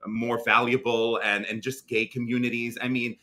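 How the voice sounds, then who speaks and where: A young adult man from Lebanon with a Lebanese accent, talking as an interview guest in an animated, casual way with many restarts and fillers. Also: medium pitch, moderate pace.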